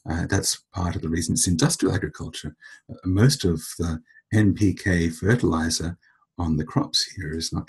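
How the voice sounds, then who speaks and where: Deep, husky-voiced male podcast host. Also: a little mellow. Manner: thoughtful, storytelling. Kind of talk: explanatory podcast talk.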